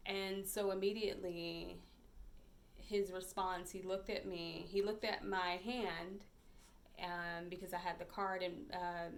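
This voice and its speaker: A woman podcast host telling a personal story in a reflective, hesitant way, with many pauses and fillers. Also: fairly low pitch, little pitch movement.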